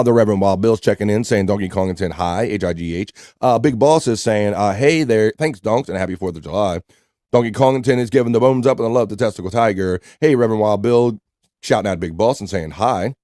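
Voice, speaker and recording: A man's voice: lowish voice, dark tone, no echo, studio quality. A man hosting a casual live-stream show, reading out viewer comments and greeting them by name. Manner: reads out chat messages and greets viewers by name.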